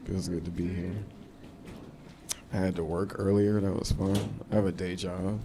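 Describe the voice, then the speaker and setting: A man in his thirties doing a stand-up set, brash and profane, jumping into shrill high voices for punchlines. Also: level tone, normal speed, background noise. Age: 30s. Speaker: stand-up comedian. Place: comedy club stage. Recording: live club crowd laughter. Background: audience laughing.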